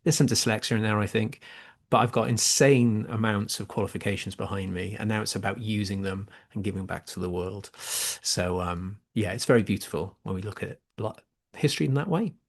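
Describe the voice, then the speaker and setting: Brief: male host, lowish gravelly voice, warm and effusive. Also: fairly quick. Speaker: podcast host. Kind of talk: casual podcast interview.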